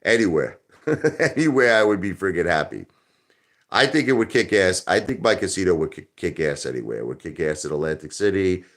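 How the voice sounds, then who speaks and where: A very low-voiced man hosts a live stream, rambling and cracking jokes. He gets loud when he is joking around and goes quiet and somber at other times. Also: animated, brisk. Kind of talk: casual live-stream chat.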